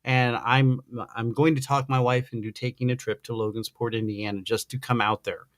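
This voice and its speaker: Gushing rambling podcast host. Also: male voice, mid-range voice, flat delivery, moderate pace, no echo, clean studio sound. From American Midwest. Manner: gushing, rambling, effusive fan. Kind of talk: excited casual interview chat.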